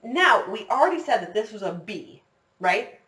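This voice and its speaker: A woman's voice: mid-range voice, big pitch swings, moderate pace, fairly bright tone. Encouraging woman teaching recorder. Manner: patient, encouraging, counts students in. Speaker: music teacher. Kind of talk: recorder lesson for children. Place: classroom with a whiteboard. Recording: echoey room, distant mic.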